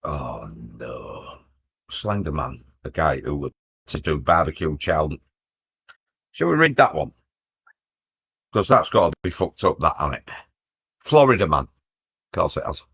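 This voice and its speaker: A man's voice: very deep voice, lively intonation, normal speed, pauses often, a bit bright, husky, muffled recording. A man co-hosting a casual live stream, bantering bluntly and reading out odd news stories. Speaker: co-host.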